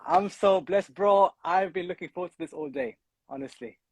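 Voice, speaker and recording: A man's voice: high voice, moderate pace, darkish tone, poor audio. A man hosting a podcast in casual chat, jokey and laughing often, a little out of breath. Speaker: podcast host.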